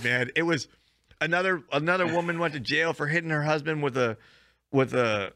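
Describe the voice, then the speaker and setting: A man co-hosting a casual podcast who reacts quickly and laughs often. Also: on the high side, sharp tone, no room sound, clean studio sound. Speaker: podcast co-host.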